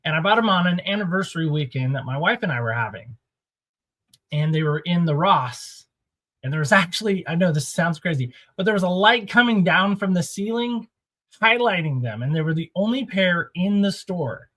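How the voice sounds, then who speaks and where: A man's voice: high voice, lively intonation, normal speed, fairly bright tone. Upbeat man hosting a shoe countdown. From Oregon. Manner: playful, builds suspense before each reveal. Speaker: host of a sneaker countdown show. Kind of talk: casual countdown vlog. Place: small home studio.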